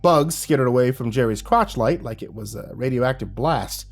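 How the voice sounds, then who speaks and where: A man narrating a horror story in an expressive, wry and dramatic way. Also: medium pitch, moderate pace, faint music behind.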